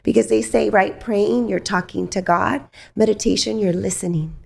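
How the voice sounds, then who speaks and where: Gravelly-voiced woman coaching gently. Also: medium pitch, steady tone. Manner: gentle, encouraging, explains slowly with "right?" asides. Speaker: breathwork coach guest. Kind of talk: casual podcast conversation.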